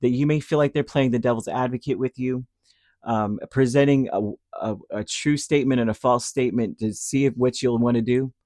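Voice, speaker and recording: A man's voice: medium pitch, steady tone, brisk, mellow, no echo, clean studio sound. Chatty man giving a tarot reading. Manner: rambling and chatty, acts out voices. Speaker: tarot reader. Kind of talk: casual spoken tarot reading.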